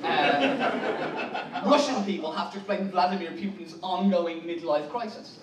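A man's voice: high-pitched, a little slow, crowd noise. An Irish man doing a stand-up comedy set in a conference hall, wry and rambling, often restarting his sentences. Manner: wry, rambling, self-correcting. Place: large hotel conference hall. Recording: echoey hall, distant mic, noisy.

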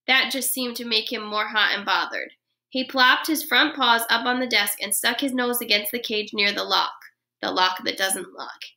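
A woman reads a children's chapter book aloud in an expressive storytelling manner, as a first grade teacher would. Her voice is fairly high and very bright. She keeps the narration lively and clear. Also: moderate pace.

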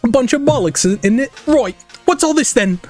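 A brash, crude British lad taunting in a high, exaggerated fake British accent, as a streamer puts him on. He bounces his voice up and down with plenty of swing. The whole thing is over the top and jeering. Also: expressive, moderate pace, darkish tone, faint music behind. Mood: mocking.

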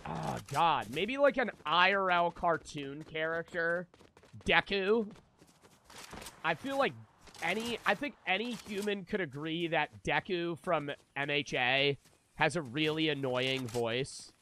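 Man, live game streamer, slightly high voice, bright tone, profane casual rambling. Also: unhurried, slight background noise. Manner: profane, rambling, talks to chat. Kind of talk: casual gameplay chatter with viewers.

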